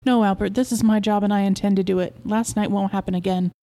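A woman's voice: mid-range voice, fast talker, lightly acted. A woman voicing Mabel, an anxious, worn-out young mother who swings from tearful to fussing, in a story reading. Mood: firm. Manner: tearful, then excited and fussing.

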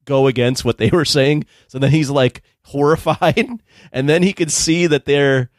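A man's voice: medium pitch, moderate pace, no room sound, studio quality. A man co-hosting a casual film review chat, retelling scenes with lots of laughter. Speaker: podcast co-host.

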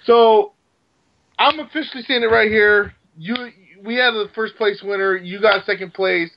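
Excitable man on a dull lo-fi mic. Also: high-pitched, normal speed, creaky. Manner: excitable, rambling storyteller. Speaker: podcast co-host. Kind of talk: casual podcast chat. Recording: dull lo-fi sound.

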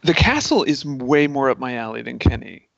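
Casual podcast guest, male, gravelly voice, laughs a lot, dull dry recording. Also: medium pitch, very animated, moderate pace, fairly bright tone, no echo. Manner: laughs often, gushing.

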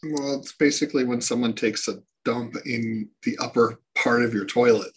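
A man's voice: mid-range voice, fairly even intonation, moderate pace, slight background noise. A man co-hosting a podcast, reading listener comments in a matter-of-fact way. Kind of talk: casual podcast banter.

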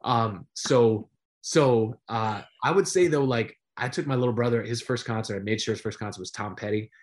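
A middle-aged man, a sportscaster guest, telling stories in a casual interview, animated and full of fillers. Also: mid-range voice, moderate pace. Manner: animated storyteller with many fillers.

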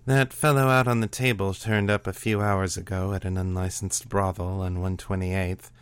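A man's voice: low-pitched, flat delivery, clear, resonant tone, no echo, close to an everyday voice. A man doing a sultry teasing woman examiner. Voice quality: rich, sultry, slow teasing delivery. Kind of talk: audiobook reading of a serial story.

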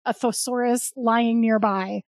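High-voiced woman, playful podcast co-host. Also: steady tone, measured pace, no room sound, studio quality. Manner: laughs often, playful. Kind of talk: casual chat.

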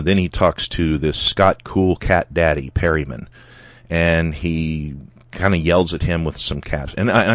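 A man's voice: extremely low pitch, dry recording. A man hosting a solo podcast, retelling an online argument and reading comments aloud with many fillers. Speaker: podcast host. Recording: dull lo-fi dry sound.

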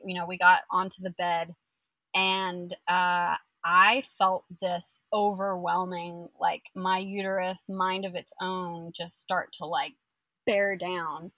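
A young woman telling her birth story in casual chat, animated and full of fillers, acting out the people she quotes. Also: fairly low pitch, no room sound.

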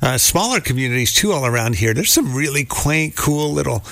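A man's voice: medium pitch, animated, fairly quick, gravelly, fairly bright tone. A man co-hosting a morning radio show, chatting casually and reading news items in a conversational way. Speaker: radio host.

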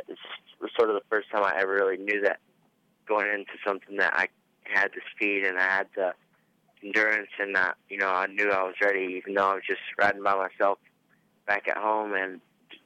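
Hesitant man with a bright, clear voice. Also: low-pitched, flat delivery, fairly quick, no echo. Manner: hesitant, full of ums and likes. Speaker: guest motocross racer. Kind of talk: casual radio interview. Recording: dull dry radio recording.

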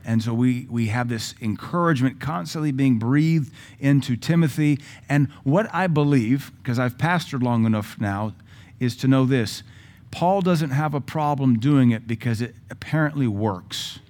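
Bluntly and sarcastically, a pastor with a Southern American accent delivers a sermon, acting out quotes along the way. He is male with a mid-range, darkish voice and speaks at a moderate pace.

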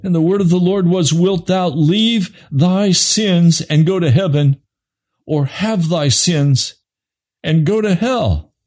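A man preaching an impassioned sermon, swinging from low grave tones to high urgent pleading. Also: slow pace, darkish tone.

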